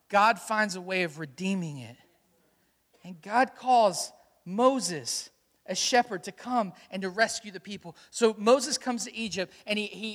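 High-voiced male pastor in a reverberant hall. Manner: storytelling, animated, asks the congregation questions. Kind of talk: sermon.

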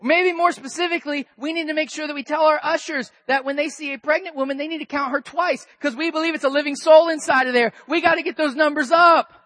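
A man preaching a sermon as pastor, conversational and animated, moving between soft asides and loud emphatic bursts. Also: very high-pitched, fast, hardly any pauses, no room sound.

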